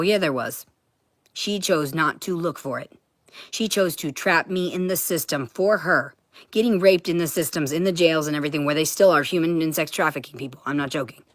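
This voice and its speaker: A woman talking to camera in a heated, profane monologue that keeps bursting into shouting. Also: low voice, no echo.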